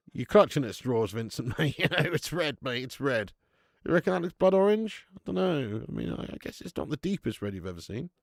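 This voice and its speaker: Creaky-voiced lad hosting a watch-along. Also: male voice, medium pitch, no room sound, studio quality. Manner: casual, chatty, banters with viewers, swears. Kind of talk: live football watch-along commentary and chat reading.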